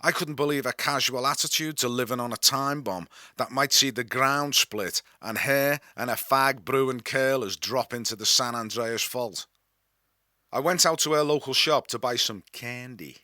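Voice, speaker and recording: A man's voice: medium pitch, pushed and bright, no room sound. A man from Liverpool with a Scouse accent reads his own memoir, telling it with wry, dry humour. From Liverpool, England. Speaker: author and narrator. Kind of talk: memoir reading.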